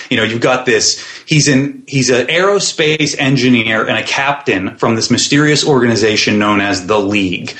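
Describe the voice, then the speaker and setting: A man's voice: mid-range voice, fairly bright tone. A man, guest on a podcast, describing his web series in a thoughtful interview style with plenty of fillers and restarts.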